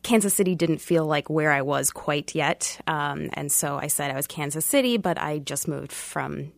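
Low raspy woman prof from boston, chatting on the radio, dry sound. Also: normal speed, no echo. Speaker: sociology professor, guest. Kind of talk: radio interview.

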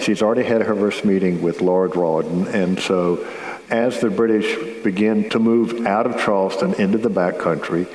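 Deep-voiced man in an echoey room. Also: a little mellow. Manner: measured, knowledgeable storytelling with fillers. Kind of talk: relaxed radio-style discussion. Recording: roomy with long reverb.

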